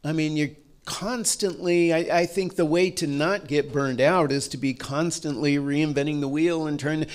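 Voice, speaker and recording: A man's voice: a little high, fairly even intonation, moderate pace. A man on a discussion panel who answers questions thoughtfully and often restarts his sentences.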